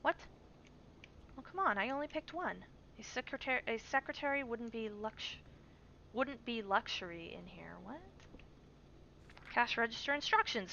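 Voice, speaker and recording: A woman's voice: a little high, vocal fry, pushed and bright. A woman streamer giving chatty, jumpy live commentary while playing a survival game, reading on-screen text aloud. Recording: dull stream mic with faint hiss.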